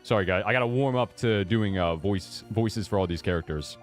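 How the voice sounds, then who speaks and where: A man's voice: lowish voice, fairly quick, faint music behind. A man streaming a game, chatting casually with a joking, self-deprecating manner. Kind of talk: casual gaming stream commentary.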